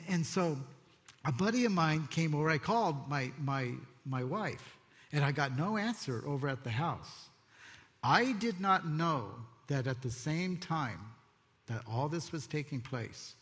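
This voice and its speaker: A male preacher tells a personal testimony in a big reverberant hall, his voice sitting a little high for a man. He acts out each quoted line and swings from hushed, slow reflection to quick, excited bursts. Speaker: pastor. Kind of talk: sermon testimony.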